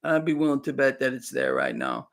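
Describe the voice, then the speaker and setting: A man's voice: medium pitch, huge pitch swings, a little fast, vocal fry. A man talking fervently on a live stream, emphatic and repeating himself. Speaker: online commentator.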